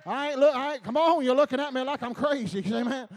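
High-voiced fervent male preacher. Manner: fervent, repeats calls to the congregation, laughs between lines; halting, many filler sounds. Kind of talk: sermon.

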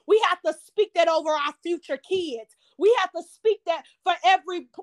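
A woman's voice: very high-pitched, normal speed. A woman hosting a podcast, giving an impassioned testimony in a preaching cadence and repeating phrases for emphasis. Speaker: podcast host.

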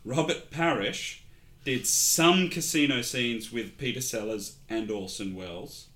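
A man's voice: mid-range voice, unhurried, a bit bright. A man co-hosting a casual film review podcast, joking and rambling, often breaking into laughter. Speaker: podcast co-host.

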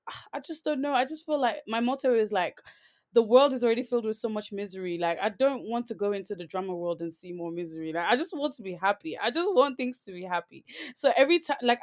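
A woman co-hosting a podcast, chatting casually and rambling, with many "like"s and restarts. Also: medium pitch. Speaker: podcast co-host. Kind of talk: casual chat.

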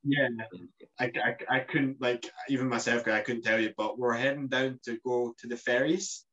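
A man's voice: mid-range voice, steady tone, moderate pace, fairly bright tone, highs cut off. Rambling guy recalling a trip. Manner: rambling, many restarts and fillers. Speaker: podcast co-host. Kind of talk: casual travel chat.

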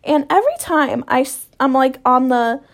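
A woman's voice: sits high, animated, moderate pace. A young woman telling stories in a casual monologue, swearing freely and sarcastic in a ranting way. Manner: profane, sarcastic, rant-like.

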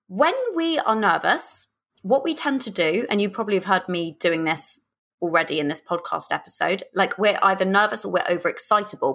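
A young woman hosting a podcast, giving chatty, animated dating advice and sometimes dropping into a lower, slower voice to demonstrate. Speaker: podcast host and dating coach.

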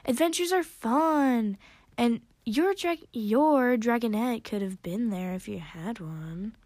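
A woman's voice: takes it slowly, darkish tone, dry recording. Cheerful teasing dragoness for a storybook reading, a woman voicing. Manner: high and eager. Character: bouncy cheerful female dragon.

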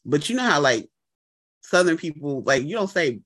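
A woman co-hosting a casual podcast, her pitch swinging widely as she tells stories. She acts out the people she quotes, jumping into high voices for them. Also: very animated, moderate pace, fairly bright tone. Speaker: podcast co-host. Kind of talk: casual chat.

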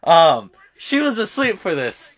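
A young man in his twenties telling a story in casual chat, animated and profane. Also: high-pitched, a little slow.

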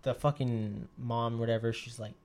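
A young man casually telling a story, swearing a lot and acting out the quotes of others with sudden jumps in his voice. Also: moderate pace. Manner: animated, profane, acts out quotes with sudden pitch jumps.

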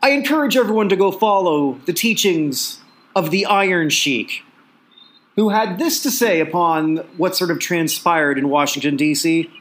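A man's voice: high-pitched, moderate pace, a bit bright. A man hosting a sports podcast in casual chat, rambling and repeating words, chuckling often. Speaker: podcast host.

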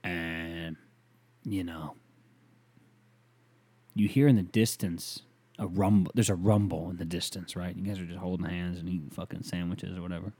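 A young man ranting comically, crude and rambling, swearing often with loud bursts. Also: deep voice, flat delivery, moderate pace, long pauses, breathy edge. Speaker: comedian. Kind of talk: profane comic rant.

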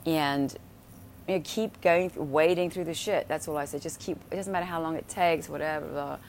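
A woman's voice: sits low, steady tone, fairly quick, a little mellow, slight background noise. A woman in casual spiritual talk, blunt and profane, often checking in with "right?" and "you know". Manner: blunt and profane, acts out quoted voices.

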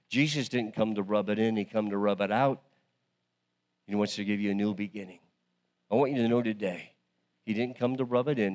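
A man preaching a sermon as pastor, moving from hushed, low passages to loud, emphatic climaxes and repeating phrases for effect. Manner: swings from quiet and low to loud, emphatic rises; repeats phrases for emphasis, invites call-and-response. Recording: reverberant hall.

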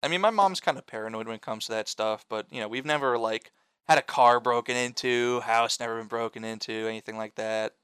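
Rambling profane young man, bright voice. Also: mid-range voice, fairly quick, smooth, no echo. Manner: rambling, profane, lots of fillers and restarts. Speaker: storyteller among friends. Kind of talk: casual chat.

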